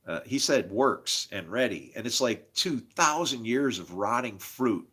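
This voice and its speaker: A man's voice: mid-range voice, animated, measured pace, a bit bright, husky. A man talking straight to the camera in a rambling, agitated personal monologue, profane and jumping from story to story. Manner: agitated, profane, jumps between stories. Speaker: self-made video host.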